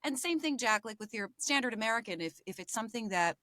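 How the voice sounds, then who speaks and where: A woman's voice: a little high, lively intonation, quick pace, bright, forceful tone. A woman mentoring voice actors in a casual, encouraging way, laughing often. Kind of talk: casual advice.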